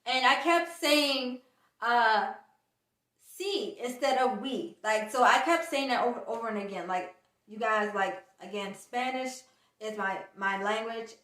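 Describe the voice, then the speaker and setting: A woman's voice: fairly high pitch, a little slow. Woman vlogger telling a story in an echoey room. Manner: animated storyteller, acts out quoted dialogue. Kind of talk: casual storytime vlog. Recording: echoey room, distant mic.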